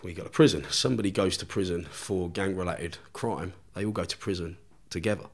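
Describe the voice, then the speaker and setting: A man's voice: sits low, steady tone, fairly quick. A man, a podcast guest telling a story in casual chat, swearing constantly and laughing as he goes.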